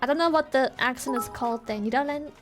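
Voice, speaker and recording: A woman's voice: sits high, fast, over music. A woman streamer from Germany with a German accent, chatting casually on a live stream in a playful, giggly, teasing way.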